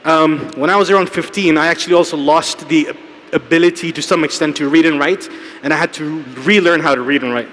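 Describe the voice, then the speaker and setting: A man's voice: a little high, fairly quick, fairly bright tone, slight background noise. A man giving a conference keynote talk, telling stories in a conversational way with frequent fillers and "right?" checks. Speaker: keynote speaker. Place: large conference hall. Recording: long hall reverb.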